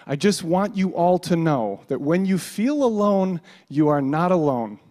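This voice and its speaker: A man with a fairly high voice finishes his speech in an earnest, reassuring way. The sound rings with the long reverb of a big hall. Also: animated, measured pace, darkish tone. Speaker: conference speaker. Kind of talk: closing a speech.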